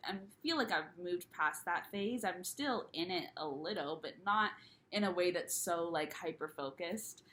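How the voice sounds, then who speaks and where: A woman's voice: fairly low pitch, fairly bright tone. Rambling young woman vlogging casually. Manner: rambling, frequent restarts and laughs; candid, loose and self-mocking. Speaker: spiritual YouTuber. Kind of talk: casual solo vlog chat.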